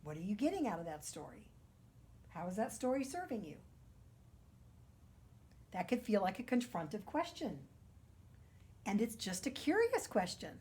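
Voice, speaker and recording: A woman minister giving a gentle, earnest spiritual talk, sometimes dropping to a soft near-whisper. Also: mid-range voice, very animated, moderate pace, long pauses.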